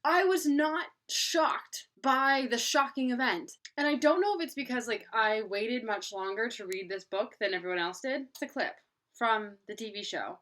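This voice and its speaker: A woman's voice: a little high, animated, normal speed, a bit bright. A young woman in a casual book vlog, rambling animatedly and acting out gasps and quoted reactions. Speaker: book vlogger.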